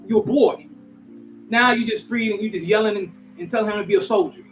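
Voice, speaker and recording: A man's voice: high-pitched, steady tone, fast, fairly bright tone, soft background music, low-quality recording. A man on a discussion panel, explaining his point earnestly and step by step. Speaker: guest panelist. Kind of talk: casual discussion.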